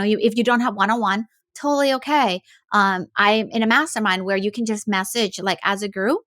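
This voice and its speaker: A woman's voice: on the high side, fairly bright tone, no room sound, studio quality. A woman life coach speaking in a casual, reflective way, with frequent fillers and restarts as she thinks aloud. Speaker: life coach, podcast host.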